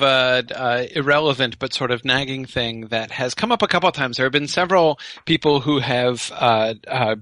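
A man's voice: mid-range voice, sharp tone, dry recording. A middle-aged man co-hosting a podcast as a literature professor, explaining things casually with many fillers and restarts. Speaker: podcast co-host, Tolkien professor.

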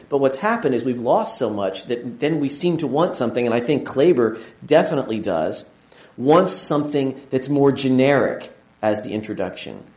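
An enthusiastic male lecturer talks to his class at a middling pitch, often digressing and restarting his phrases. The room is roomy and echoey around his voice. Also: darkish tone. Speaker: university lecturer.

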